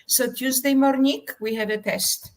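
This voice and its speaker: A woman putting on the voice of a male film director, rushed and excited. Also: very high voice, voice pushed up.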